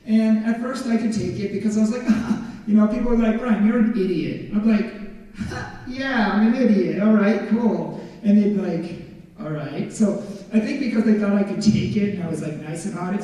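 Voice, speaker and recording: Young male guest speaker, fairly high mellow voice, heard from far back in a big reverberant hall. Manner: casual storytelling with acted-out quotes and light laughs. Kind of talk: motivational talk to students.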